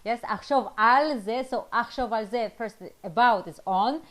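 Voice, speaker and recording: Encouraging woman teacher, a bit high. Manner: patient, encouraging, drills phrases slowly. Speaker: language teacher. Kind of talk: online class teaching.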